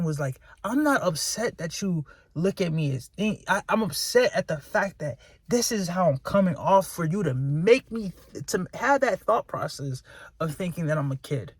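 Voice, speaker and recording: A man's voice: high-pitched, no echo. A man, venting in a candid, self-critical, profane rant to his viewers. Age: 20s. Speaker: vlogger.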